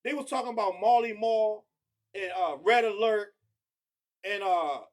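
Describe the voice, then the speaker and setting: A man with a notably high speaking voice hosts a casual hip hop debate podcast. He talks fast, piles example on example and pushes his point hard. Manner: talks fast and builds his argument with many names.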